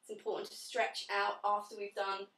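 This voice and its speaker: A young pilates instructor runs a live online fitness class, counting breaths, giving friendly corrections, and occasionally running short of breath. She speaks in a brisk, monotone mid-range voice with a fairly bright tone, distant from the mic in an echoey space.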